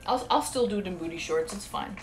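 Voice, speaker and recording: A woman's voice: lowish voice, expressive, fast talker, faint music behind. A woman streaming live, chatting casually and talking straight to her viewers. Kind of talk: casual livestream chat.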